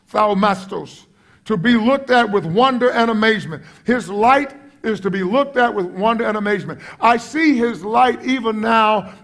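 High-voiced man preaching with fervor. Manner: impassioned, swinging from quiet asides to loud exclamations. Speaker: pastor. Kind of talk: sermon.

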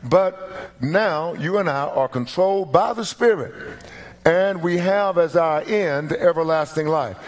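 A middle-aged man preaching a sermon as pastor, animated and emphatic, with rising peaks. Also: fairly high pitch.

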